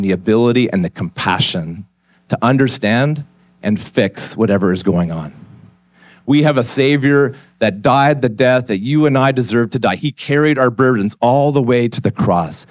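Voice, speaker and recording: A pastor in his forties preaches from a church stage at an ordinary, mid-range pitch for a man. He tells his story in a candid, conversational way and then turns to an earnest appeal. The sound is dry and close, with very little room echo. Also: lively intonation, normal speed. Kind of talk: sermon.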